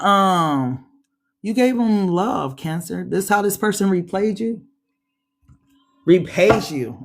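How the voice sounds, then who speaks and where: Woman tarot reader, casual and animated, talks straight to viewers, slangy, mid-pitched. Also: slight background noise. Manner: animated, chatty, addresses viewers directly; frequent laughs and acted-out quotes. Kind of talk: casual tarot reading to camera.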